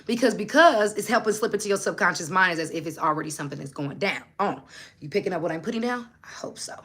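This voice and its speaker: A woman hosts a relaxed motivational livestream. Her voice is bright and forward, and her delivery is animated and preachy. She keeps turning to her viewers with pointed questions. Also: lowish voice, fast, slightly rough. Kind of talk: casual livestream talk.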